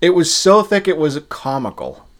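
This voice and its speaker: A man's voice: on the high side, very animated, moderate pace, fairly bright tone. Man from Massachusetts, podcast co-host; casual, rambling delivery with restarts. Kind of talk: casual chat.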